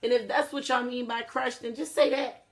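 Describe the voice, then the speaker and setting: A young adult woman hosts a casual talk stream, addressing her viewers directly while speaking bluntly and swearing freely. Her voice is fairly high, with fairly even intonation and a moderate pace.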